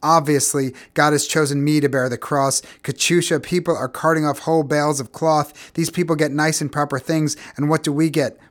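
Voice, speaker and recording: Male reader doing a loud, wailing, self-pitying legless vendor with a raised voice, storybook reading. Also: fairly high pitch, steady tone, fairly quick, few pauses, voice pushed up, close to an everyday voice. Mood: anguished. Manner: loud, anguished, pleading. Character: bitter legless older male street vendor.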